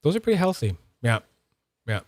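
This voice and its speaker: A man's voice: on the high side, very animated, a little fast, a little mellow, no echo, clean studio sound. A man with a Canadian accent hosting a live stream in casual, playful chat, laughing often. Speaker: stream host.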